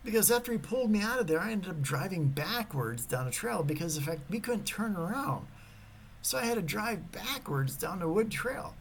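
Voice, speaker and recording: A man giving a motivational talk and telling a personal story. He is animated and swings between loud emphasis and hushed whispers. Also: sits high, moderate pace, a little hiss or hum, poor audio. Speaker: motivational speaker.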